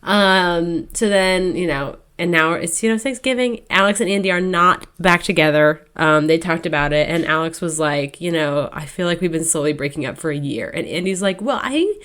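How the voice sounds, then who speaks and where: A woman's voice: on the low side, fairly bright tone, clean tone. Chatty young woman recapping a book. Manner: chatty, acts out characters' lines in quick asides. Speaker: podcast co-host. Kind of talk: casual chat recapping a book.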